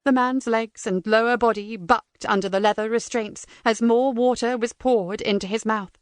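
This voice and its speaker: A woman narrating a crime thriller audiobook in a measured, tense way. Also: a little high, fairly even intonation, dry recording. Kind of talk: scripted narration.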